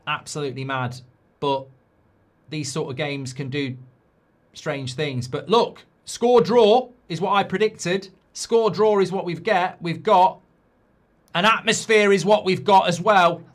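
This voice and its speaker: A middle-aged man reacts live to a football match as a watchalong host, his voice slightly high. He is excitable, dropping into quiet muttering and bursting into shouts at big moments. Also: measured pace.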